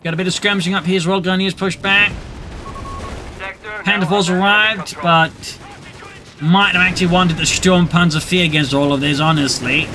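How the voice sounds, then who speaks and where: Brief: male game caster, high voice, brisk wry play-by-play, loud gunfire under him. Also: fairly even intonation, a little hiss or hum. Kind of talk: play-by-play commentary. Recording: commentary over loud game battle sound. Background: gunfire and artillery.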